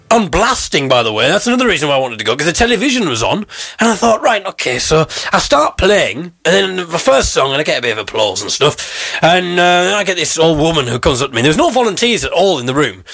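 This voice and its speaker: A man hosting a comedy podcast, telling a story about himself in an animated, self-mocking way. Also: a little high, fast, creaky, faint music behind. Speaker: podcast host. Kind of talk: comic storytelling.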